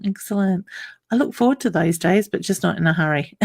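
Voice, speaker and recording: A woman working as a psychic medium in a live online reading. She speaks softly and reassuringly, calls people honey and hun, and hesitates with ums and restarts. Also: medium pitch, steady tone, unhurried, vocal fry, pauses often, no echo, clean studio sound.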